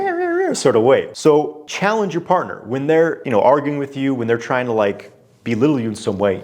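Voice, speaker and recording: Direct, conversational male relationship coach. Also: medium pitch. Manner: direct and conversational, with frequent "you know" fillers; poses pointed questions to the listener. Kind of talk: direct-to-camera coaching talk.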